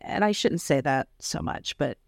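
A woman hosting a podcast interview, chatty and quick to laugh, often acting out what other people say. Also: deep voice, lively intonation, creaky, no room sound, clean studio sound. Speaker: podcast host. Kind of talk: casual interview chat.

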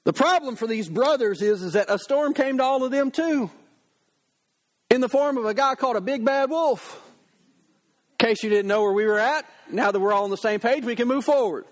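Male pastor, sermon, lively conversational storytelling, high voice. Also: fairly quick.

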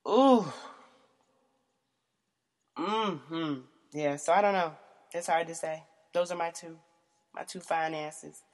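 A woman's voice: low-pitched, takes it slowly, pauses often. Blunt, profane young woman answering questions. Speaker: vlogger. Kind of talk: casual Q&A, reading out questions and answering.

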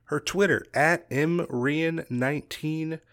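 A man's voice: on the high side, slow, a bit bright. A man hosting a podcast and doing stand-up, laid-back and loose, swearing casually. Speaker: podcast host and comedian.

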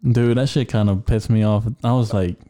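On a casual podcast, a young co-host with a low, relaxed, mellow voice rambles through crude stories at normal speed. He swears constantly and links his tales with filler words.

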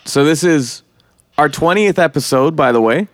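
A man's voice: on the high side, lively intonation, normal speed, background noise. A man hosting a casual podcast chat, loose and swearing, acting out quotes. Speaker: podcast host.

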